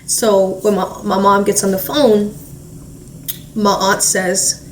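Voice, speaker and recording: A woman recounting a painful family event in halting speech, with many fillers, acting out what relatives said. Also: mid-range voice, little pitch movement. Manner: halting, heavy filler "like", re-enacts relatives' words. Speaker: family member recounting a loss. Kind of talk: emotional personal storytelling. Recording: echoey room, distant mic, faint hiss.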